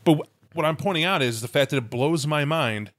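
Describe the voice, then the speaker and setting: A man's voice: fairly high pitch, brisk, fairly bright tone, no room sound, clean studio sound. A man co-hosting a casual podcast, telling tabletop game lore with enthusiasm and profanity. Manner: enthusiastic, emphatic storytelling with profanity. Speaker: podcast co-host.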